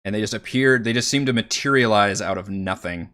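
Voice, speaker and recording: A man's voice: lowish voice, a little fast, fairly bright tone. A man narrating as dungeon master in a tabletop game, describing scenes with frequent hesitations. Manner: hesitant, filler-laden description.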